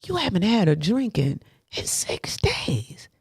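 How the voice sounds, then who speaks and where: A woman voicing a sly, tempting inner voice that coaxes in a hushed, drawn-out way. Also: medium pitch, huge pitch swings, slightly rough, no echo, clean studio sound, full character voice. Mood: coaxing.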